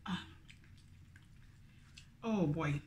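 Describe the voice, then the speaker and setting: A woman's voice: deep voice, extremely slow, dark tone, slight background noise. A woman with a Grenadian accent, a food vlogger chatting casually between bites. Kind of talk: casual eating vlog chat.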